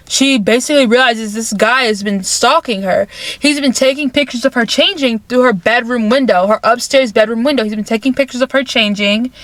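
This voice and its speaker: Recapping a film's plot in a relaxed, chatty way, this female vlogger has a slightly high, somewhat bright voice and leans heavily on fillers and repeated phrases. The audio sounds close and dry, with no room sound.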